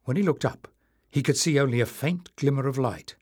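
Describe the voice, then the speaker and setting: A man narrating an audiobook in a measured, expressive way. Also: mid-range voice, husky, dry recording, clean studio sound. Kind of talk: scripted narration.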